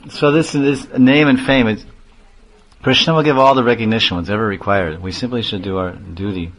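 A man's voice: lowish voice, steady tone, normal speed, a bit bright. A man, a spiritual teacher, giving a chatty sermon full of stories and laughter. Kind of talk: sermon with storytelling.

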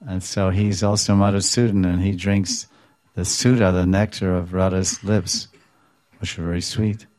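Low-voiced man telling sacred stories. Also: moderate pace, no room sound. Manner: animated storytelling, explains terms, chuckles. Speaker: devotional speaker. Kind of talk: devotional talk retelling scripture stories.

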